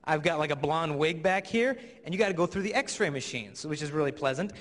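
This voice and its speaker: A young man with a somewhat high voice holds the stage as a youth speaker, telling playful stories and slipping into characters. His talk rings with the long reverb of a large hall full of listeners. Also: animated, a little fast, a bit bright. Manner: playful storyteller who acts out characters. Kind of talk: comedic stage talk to a live audience.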